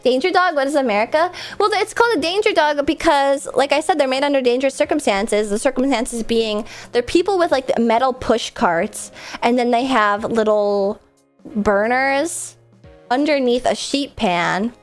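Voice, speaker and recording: A woman's voice: high-pitched, normal speed, soft background music. A woman streamer, stuffed up from a cold, chatting casually and giggling while she reads out viewer messages. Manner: chatty and giggly, with lots of likes and restarts.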